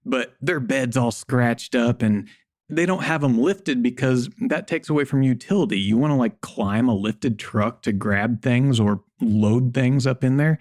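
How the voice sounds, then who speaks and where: A man's voice: mid-range voice, measured pace, a little mellow, no echo, clean studio sound. A man as a podcast guest, talking bluntly and jokily and swearing casually. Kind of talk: casual interview chat.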